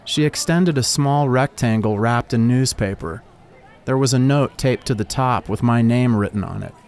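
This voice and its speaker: Calm male storyteller, mid-pitched. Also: moderate pace. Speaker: narrator. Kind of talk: first-person audiobook narration.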